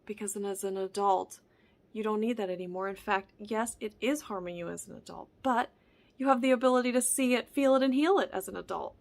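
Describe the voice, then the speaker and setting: This is a woman speaking straight to camera in an earnest, reflective monologue, her mid-range voice carrying a gravelly fry. She often drops to a soft whisper and loops back over her own words as she works through a thought. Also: medium pitch, a little fast. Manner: repeats and restarts phrases. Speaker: wellness vlogger.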